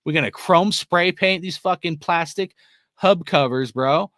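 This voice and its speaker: A man's voice: fairly high pitch, unhurried, a bit bright, no echo, clean studio sound. A young man hosting a fan show, rambling casually with lots of swearing, laughter and "bro" and "dude". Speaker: sports fan show host. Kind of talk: casual rant to viewers.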